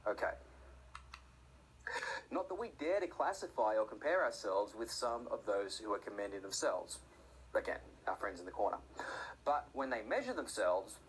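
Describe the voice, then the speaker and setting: A man giving a conversational sermon, often slipping into quick acted-out voices for the people in his stories. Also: fairly bright tone, a little hiss or hum, low-quality recording. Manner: conversational, acts out voices with sudden high-pitched outbursts. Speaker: preacher.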